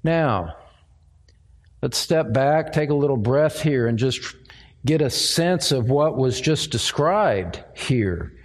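A man preaching an expository sermon, speaking deliberately and repeating words as he finds his phrasing. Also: mid-range voice, animated. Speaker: pastor.

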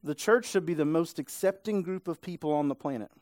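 Brisk and fairly high-pitched, a male pastor preaches conversationally in a church sanctuary, frequently asking his listeners tag questions. His voice is a little mellow, with no room sound.

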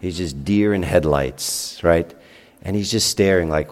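A man's voice: extremely low pitch, moderate pace, long reverb tail. A man preaching a homily as a priest, chatting with the congregation through rhetorical questions and acted-out dialogue. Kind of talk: sermon. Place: church.

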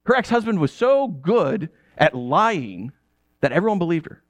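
A man's voice: high-pitched, sing-song, normal speed, dry recording. A man in his thirties preaching a conversational sermon, telling stories and asking rhetorical questions. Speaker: pastor.

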